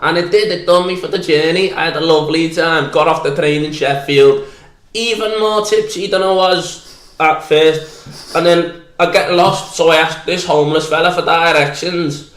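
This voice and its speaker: A man's voice: a little high, fairly even intonation, normal speed, a bit bright, roomy sound. A young man from Liverpool with a Scouse accent, a podcast guest telling a long, crude, self-deprecating story in casual chat.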